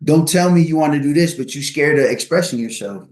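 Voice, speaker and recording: A man's voice: a little high, lively intonation, fairly quick, darkish tone, echoey room. A man guesting on a podcast, giving earnest advice on marriage and co-parenting, leaning on sports analogies.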